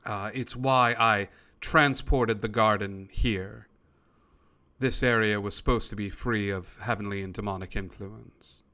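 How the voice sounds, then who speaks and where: A man voicing a composed, guarded woman who runs a private bar, speaking in a measured, hostess-like way during a tabletop role-play. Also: fairly low pitch, fairly even intonation, sharp tone. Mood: explaining. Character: composed, guarded female bar owner, Medusa.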